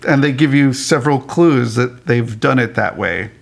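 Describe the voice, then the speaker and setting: A man chatting casually as a podcast co-host, animated, laughing often and restarting his sentences. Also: mid-range voice, moderate pace, vocal fry, few pauses. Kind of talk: casual chat about a cartoon.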